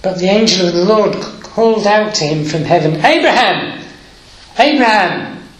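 A man's voice: high voice, echoey room, poor audio. A man preaching a sermon, reading scripture aloud and explaining it with hesitant fillers, moved by the story. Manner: unhurried, emotional, with hesitant fillers.

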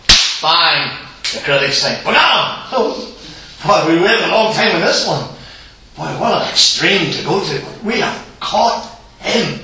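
A man preaching a sermon in a church, telling the story with animated acted-out voices. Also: on the high side, measured pace. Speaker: visiting preacher. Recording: roomy echo, distant mic, faint hiss.

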